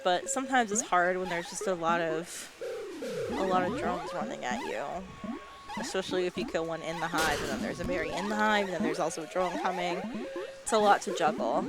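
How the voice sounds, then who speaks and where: A woman calls an arcade match play by play, her pitch swinging lively as she drifts into playful asides. Music plays clearly behind her in a bar. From northern United States. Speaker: esports league commentator. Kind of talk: casual play-by-play commentary.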